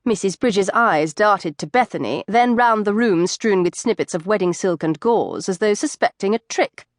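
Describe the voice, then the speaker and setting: A woman's voice: mid-range voice, lively intonation, normal speed, few pauses, dry recording, studio quality. Woman narrating an audiobook. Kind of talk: scripted narration.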